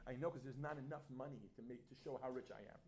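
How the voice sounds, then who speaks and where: A man teaching a Yiddish class in a classroom, lively and quizzing his students as he reads and explains phrases. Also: mid-range voice, fast talker, a crowd in the background. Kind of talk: classroom lesson.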